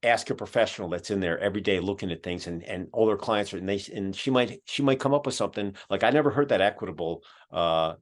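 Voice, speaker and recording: A man's voice: lowish voice, fast, hardly any pauses. A man from Philadelphia with a Philadelphia accent, hosting a podcast and talking casually over a video call, rambling with plenty of fillers. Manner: rambling, filler-heavy, folksy. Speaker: podcast host. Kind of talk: casual closing remarks. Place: home in Georgia, on a video call.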